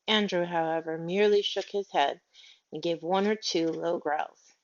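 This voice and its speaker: A woman narrating a children's story aloud in a gentle, measured reading. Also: on the low side, fairly even intonation. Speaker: audiobook reader. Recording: dull lo-fi audio.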